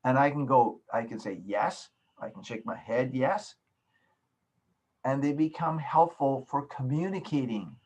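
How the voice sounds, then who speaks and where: Over a video call on a computer mic, a man lectures as a professor in a medium-pitched, darkish voice. He keeps a moderate pace with few pauses and patiently explains through simple everyday examples.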